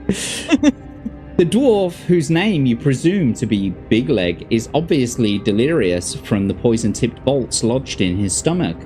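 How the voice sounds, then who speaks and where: A man's voice: medium pitch, very animated, slow pace, warm tone, soft background music. Birmingham man reading a fantasy gamebook. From Birmingham, England. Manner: casual, stops to chat and correct himself. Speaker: host reading a gamebook on stream. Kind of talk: reading a fantasy gamebook aloud with chat asides.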